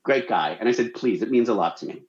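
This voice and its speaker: A man telling a story on a radio show, animated and acting out the people he quotes. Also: fast talker, roomy sound, dull audio. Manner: animated, acts out quotes with big pitch jumps. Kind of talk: casual storytelling.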